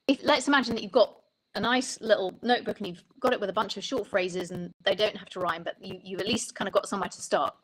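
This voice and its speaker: A woman songwriting coach talks through her ideas as an interview guest. Her voice sits at a middle pitch, and she explains thoughtfully, often restarting a phrase before she finishes it. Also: rough recording.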